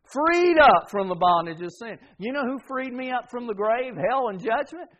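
A man's voice: very high-pitched, animated, moderate pace, a bit bright. A man preaching a sermon, getting the congregation to repeat words back and hammering key words through repetition. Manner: call-and-response with congregation, emphatic repetition.

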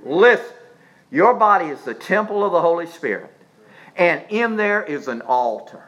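A man preaching a sermon as pastor, swinging from quiet low asides up to emphatic high peaks, often restarting his phrases. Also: animated, moderate pace, rough recording. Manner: repeats words and restarts phrases while speaking.

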